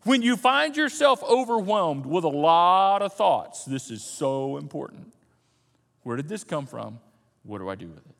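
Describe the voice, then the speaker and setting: A man preaching a sermon as pastor, animated, swinging from loud emphasis to soft, low asides. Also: unhurried, gravelly, long reverb tail. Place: church sanctuary.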